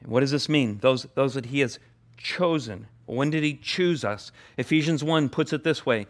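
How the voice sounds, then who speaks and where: A man's voice: medium pitch, normal speed. A man preaching a sermon, earnest and emphatic, who often repeats his key phrases for weight. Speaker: pastor.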